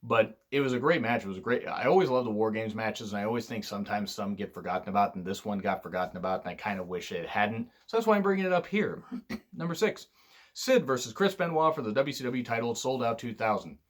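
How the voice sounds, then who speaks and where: A tired man hosting a casual wrestling countdown, rambling, swearing freely and often clearing his throat. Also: fairly low pitch, quick pace, hardly any pauses. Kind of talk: casual spoken countdown commentary.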